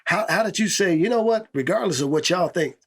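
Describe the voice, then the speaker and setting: A man's voice: high voice, lively intonation, fairly quick, breathy edge. A man co-hosting a podcast, asking a rambling, enthusiastic question with many restarts. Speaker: podcast co-host. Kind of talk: casual interview.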